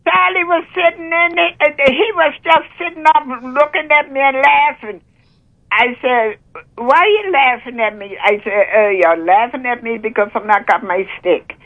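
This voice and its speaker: A woman's voice: high-pitched, moderate pace. An older woman calling in to share a religious testimony, fervent and breaking into praise, her voice catching with emotion. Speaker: caller sharing a testimony. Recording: muffled phone line.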